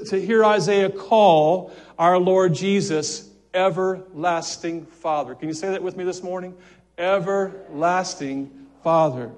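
High-voiced fervent male preacher. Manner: fervent preaching with repetitions and stammered restarts; rises to loud exclamations then drops to quiet asides. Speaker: pastor. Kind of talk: sermon.

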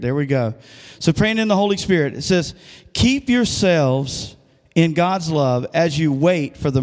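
A man's voice: on the high side, vocal fry, long reverb tail. A man preaching a sermon as pastor, conversational and asking the congregation questions. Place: church sanctuary.

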